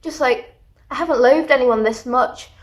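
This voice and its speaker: A woman giving a casual book review vlog, talking in an animated, exasperated rant. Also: high voice, normal speed. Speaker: book vlogger.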